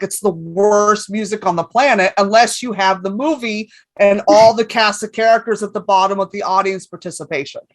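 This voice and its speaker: A woman in her fifties, a comedian guest on a podcast, telling stories in a lively way and swearing freely. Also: mid-range voice, no echo. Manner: animated storyteller, swears freely. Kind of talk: casual podcast chat.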